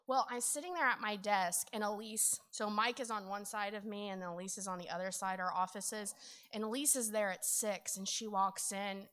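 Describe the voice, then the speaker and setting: A middle-aged woman giving a conference training talk, telling a story in an animated way with frequent laughs and "okay?" asides. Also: a little high. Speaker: conference presenter on county finance.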